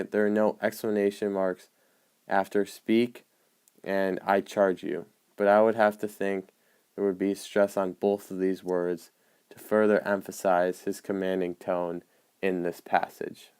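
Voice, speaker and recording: A man explaining the marks on an annotated play script, in a measured way with frequent hesitant ums. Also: sits low, little pitch movement, darkish tone, smooth. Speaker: student presenter.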